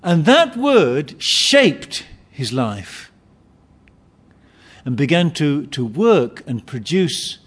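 A man's voice: on the high side, big pitch swings, very slow, a bit bright, slightly rough. A man preaching a sermon, emphatic, often repeating and restarting his phrases.

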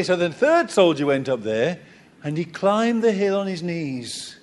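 A man preaching a sermon in an animated storytelling way, repeating points for emphasis. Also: a little high, measured pace. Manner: animated storytelling, acts out quoted voices; emphatic repetition.

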